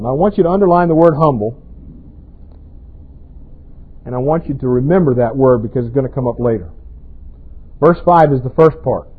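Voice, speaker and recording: A pastor delivers a sermon in a chatty style, often tossing rhetorical questions at his congregation. His medium-pitched voice is expressive, fast and slightly rough, and the audio sounds tinny and band-limited like a phone.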